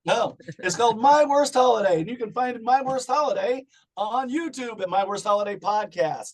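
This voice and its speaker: A middle-aged man in casual chat as a podcast guest, swearing often and breaking into loud rants. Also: very high-pitched, lively intonation, normal speed. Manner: profane, ranting, loud bursts.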